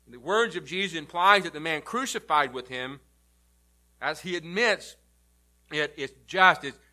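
Bright-voiced man preaching with swelling emphasis. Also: moderate pace. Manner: emphatic preaching, swells loud then drops low. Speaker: pastor. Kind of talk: sermon.

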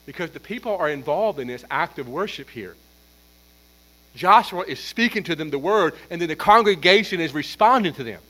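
A man preaching an expository sermon as pastor, emphatic, building force on repeated points and then dropping low. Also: bright, forceful tone, rough recording.

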